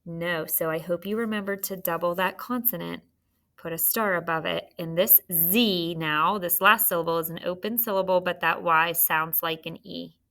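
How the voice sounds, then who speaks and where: A woman teacher giving a spelling lesson to children, patient and clear, sounding words out slowly. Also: fairly low pitch, steady tone, pushed and bright.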